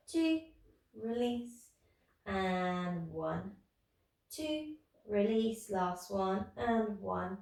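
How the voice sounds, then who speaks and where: A tired woman in her thirties leading a pilates class, calmly talking through moves and counting reps. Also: on the low side. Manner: calm instructing, counting reps. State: tired, yawning. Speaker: pilates instructor. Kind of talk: guided exercise class. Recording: echoey room from far off.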